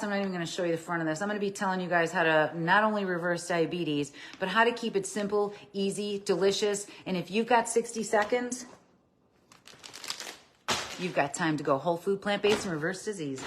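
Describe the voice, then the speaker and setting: A woman's voice: medium pitch, a little hiss or hum. A woman who teaches plant-based cooking, chatting upbeat and enthusiastic on a live stream as she unpacks her groceries and talks straight to her viewers.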